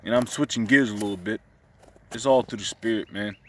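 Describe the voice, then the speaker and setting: A man's voice: fairly low pitch, brisk, recorded from a distance. A man giving casual religious commentary, profane and agitated, returning to the same phrases again and again.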